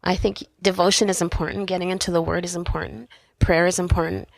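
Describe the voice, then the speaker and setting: A middle-aged woman from Canada, a podcast guest sharing a personal faith story in animated conversation. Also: fairly low pitch, quick pace, vocal fry, no echo. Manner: animated storytelling, acting out voices in quotes.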